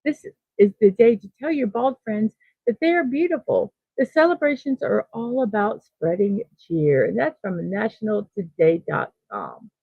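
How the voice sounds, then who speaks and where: A middle-aged woman hosting a casual morning livestream, thinking aloud and reading out chat messages with soft laughs. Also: mid-range voice, sing-song, normal speed, creaky, husky, no room sound, narrow, tinny audio. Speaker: host of a daily morning livestream.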